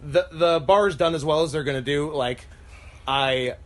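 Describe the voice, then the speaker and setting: A man co-hosting a casual chat podcast. He rambles through his points, laughing often. His sentences drift lower and quieter as they trail off. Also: measured pace. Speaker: podcast co-host.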